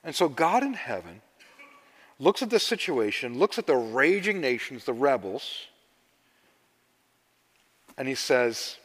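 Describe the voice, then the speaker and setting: Man preaching, storytelling sermon, loud-to-hushed swings, fairly high voice, echoing hall. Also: very animated, a little slow, pauses often. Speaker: pastor. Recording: long reverb of a large hall.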